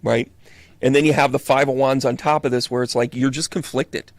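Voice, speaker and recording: Gravelly-voiced man reading tarot live. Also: medium pitch, dry recording. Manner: animated and profane, acting out quick voices. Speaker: medium doing tarot readings. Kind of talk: live-stream tarot reading, chatting with viewers.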